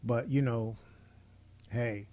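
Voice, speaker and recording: A man's voice: medium pitch, steady tone, very slow, mellow. A middle-aged man delivering a blunt, preachy opinion monologue, speaking straight to the person he is criticizing. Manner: blunt and preachy, addressing his subject directly. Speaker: commentator.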